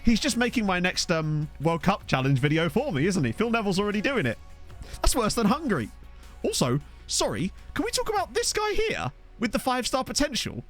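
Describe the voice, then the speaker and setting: A man's voice: high-pitched, wildly swooping pitch, brisk, soft background music. A man casually commentating a football management game on stream, chatting with viewers and laughing often. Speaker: gaming streamer. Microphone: USB desk microphone.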